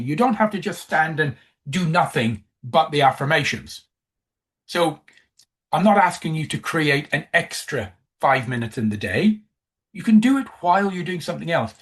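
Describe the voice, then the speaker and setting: A man's voice: fairly high pitch, a bit bright. A man giving a coaching presentation, emphatic, who repeats key phrases.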